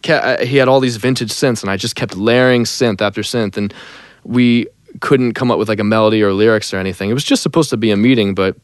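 A young man, a songwriter and singer, telling a story in a casual interview, lively and animated, dropping into sung snippets. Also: on the low side, quick pace, dry recording. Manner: animated, breaks into sung snippets and acted quotes.

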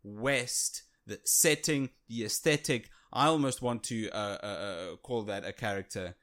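Man, podcast co-host, bright forceful tone, eager, halting delivery with fillers. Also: fairly low pitch. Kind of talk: casual chat.

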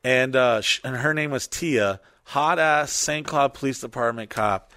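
A man spins a rambling, swear-filled story in casual chat. He gets loud and lively at the big moments. The sound is dry and close. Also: medium pitch, a little slow, no echo. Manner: animated, profane, rambling storytelling.

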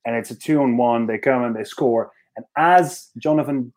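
A man's voice: medium pitch, moderate pace, a little mellow. A rugby player on a podcast, telling a story in casual chat with many restarts and fillers and laughing as he goes.

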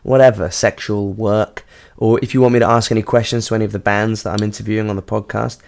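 A man's voice: lowish voice, flat delivery, quick pace, gravelly, a little hiss or hum. A young man hosting a podcast from a hotel, chatting loosely, joking and swearing. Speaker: podcast host. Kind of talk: casual podcast chat.

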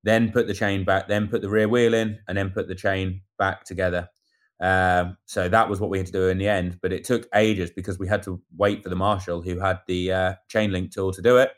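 A man tells a story in casual chat, talking quickly in a fairly low voice. He acts out what others said as he goes, keeping the telling lively. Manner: animated storyteller acting out quotes. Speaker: amateur cyclist recounting a race.

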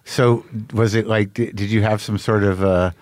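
A man's voice: on the low side, steady tone, normal speed, darkish tone, dry recording, studio quality. A man from New Mexico hosting a podcast, asking brief questions and prompting his guest. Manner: short prompting questions and backchannels. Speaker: podcast host. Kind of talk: casual interview conversation.

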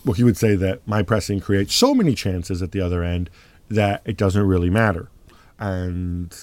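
A man's voice: low voice, expressive, moderate pace, a little mellow. A man hosting a football podcast in a studio, playing devil's advocate with a dry, sarcastic edge. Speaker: podcast host.

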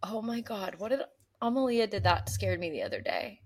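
A young woman from the US East Coast, co-hosting a podcast in casual chat and telling animated stories, mimicking voices and gasping. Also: medium pitch, moderate pace. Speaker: podcast co-host.

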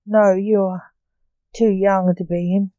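A woman reading the lines of a calm, reassuring grandfather in a storybook reading, in her own measured voice. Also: mid-range voice, no echo, muffled recording, lightly acted. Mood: steady.

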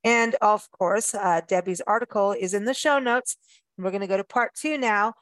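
A woman's voice: medium pitch, normal speed, no room sound. Chatty, laughing woman host. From South Africa. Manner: chatty, laughing, with playful asides. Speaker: radio show host. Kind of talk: casual chat.

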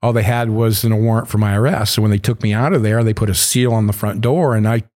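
A man guest in an interview, telling a rambling story full of swearing, now and then acting out other people's shouts. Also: fairly even intonation, quick pace. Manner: acts out other people's shouting in sudden high bursts. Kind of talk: casual storytelling.

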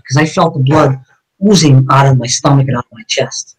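A man's voice: mid-range voice, steady tone, a little fast, darkish tone, slightly rough, poor audio. A man, a police officer, telling his own story in a conversation, blunt and emphatic with heavy cursing.

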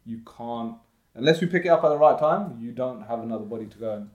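A man's voice: medium pitch, lively intonation, fast talker, darkish tone, lo-fi sound. A man from Slough with a London-area English accent, a guest talking property investing in an emphatic, motivational way in a casual podcast chat. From Slough, England. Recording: roomy echoey room.

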